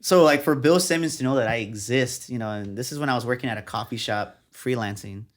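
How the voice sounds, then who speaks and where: Young man, from Texas, rapid casual storytelling, animated, average pitch. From San Antonio, Texas. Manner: animated, acts out quotes of others. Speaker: guest, journalist.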